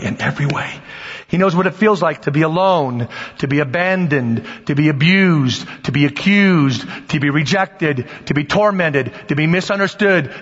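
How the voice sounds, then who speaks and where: A man preaching an animated sermon as pastor, swinging between loud bursts and quiet asides. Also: on the high side, vocal fry. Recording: dull lo-fi sound with long hall reverb.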